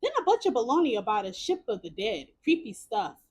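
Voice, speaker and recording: Woman voicing a gruff Brooklyn working man. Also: a little high, sing-song, a little fast, darkish tone. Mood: worried. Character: gruff middle-aged Brooklyn dockhand type, worried husband.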